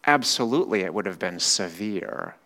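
A middle-aged man preaching a sermon in a church. He swings between loud, animated retellings and quiet, slow reflection. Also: deep voice, gravelly. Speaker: pastor. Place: church hall with a screen.

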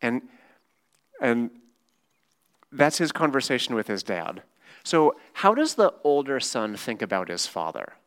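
A man's voice: medium pitch, very animated, measured pace, pauses often, a bit bright. A man preaching a sermon in a casual, conversational way. He is emphatic and often checks in with rhetorical questions.

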